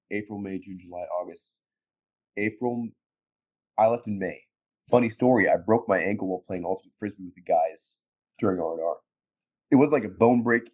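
Man, deep low voice, former Marine, casual storytelling, laughs a lot, acts out old conversations, phone mic. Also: darkish tone. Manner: laid-back, laughs often, acts out quoted exchanges. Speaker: interview guest, former Marine.

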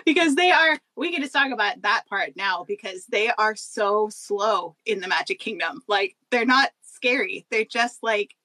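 A woman co-hosting a podcast, chatting over a video call in a bubbly, giggly, animated way. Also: medium pitch, moderate pace, hardly any pauses, no room sound, poor audio. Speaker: podcast co-host. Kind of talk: casual chat.

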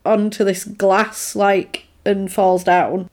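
A woman's voice: mid-range voice, level tone, slow pace, darkish tone. Chatty woman recapping a film. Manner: chatty, retells scenes with acted-out quotes and laughs. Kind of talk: casual chat recapping a film.

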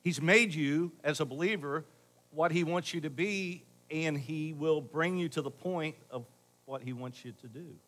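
Brief: middle-aged man, pastor, a touch high-pitched, conversational sermon with loud pushes and soft asides. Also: unhurried. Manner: conversational, varying loud emphasis and quiet asides.

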